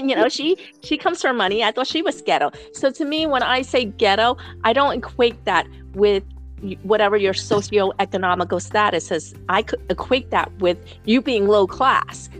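A woman chats bluntly as a podcast co-host. She talks in a fairly high voice, swears freely and circles back with fillers and false starts. Soft music plays faintly in the background. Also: animated, moderate pace. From New York City. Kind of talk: casual chat.

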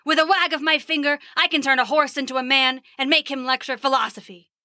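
A woman voicing a blustering, quick-tempered old male god in a storybook podcast, roaring and boastful. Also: sits high, steady tone, bright, forceful tone, dry recording, clean studio sound, voice pushed up.

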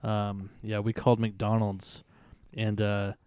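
A man co-hosting a casual podcast, relaxed, asking questions and telling short anecdotes. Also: on the low side, takes it slowly, clear, resonant tone, dry recording, clean studio sound. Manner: relaxed, asks questions, laughs easily. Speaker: podcast co-host. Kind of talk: casual chat.

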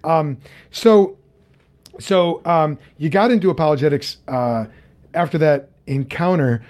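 Man, interview host, somewhat high voice, halting, lots of fillers, video call. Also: darkish tone. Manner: halting, many fillers and restarts. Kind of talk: casual interview conversation.

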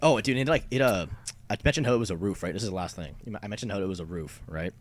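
A man's voice: fairly low pitch, quick pace. A young man from Canada chatting casually, rambling and swearing a lot with frequent laughs. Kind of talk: casual chat.

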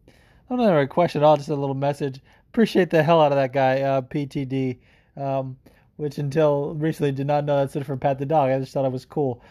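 A man's voice: mid-range voice, mellow, no echo. Male podcast host, dry close mic, rambling and profane. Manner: profane, rambling, with many fillers. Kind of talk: casual podcast monologue.

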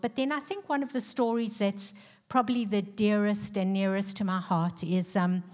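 A woman's voice: medium pitch, a little mellow. A middle-aged woman with a South African accent, a guest speaker in church, telling her own story earnestly with frequent ums. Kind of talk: personal testimony in a church service.

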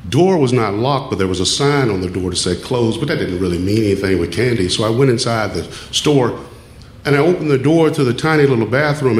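A man's voice: medium pitch, slight background noise. Man telling a personal story. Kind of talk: first-person storytelling on stage. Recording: echoey room with faint ambience.

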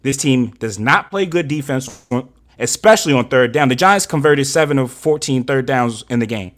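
Here a man co-hosting a sports podcast tears into his team's coaching and drafting, his mid-range voice lively in intonation and moderate in pace. He is frustrated and worked up, cursing angrily as the heated rant rises to shouts.

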